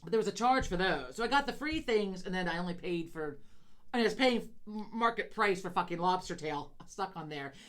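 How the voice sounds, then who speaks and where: A woman's voice: fairly low pitch, expressive, a little fast, fairly bright tone. A middle-aged woman co-hosting a podcast in casual chat, blunt and ranting, swearing freely as she tells stories. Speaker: podcast co-host.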